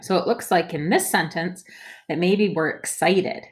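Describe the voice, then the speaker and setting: Slow, patient woman teaching phonics. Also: lowish voice. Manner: slow, clearly sounded-out reading with patient prompts. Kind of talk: phonics lesson for young children.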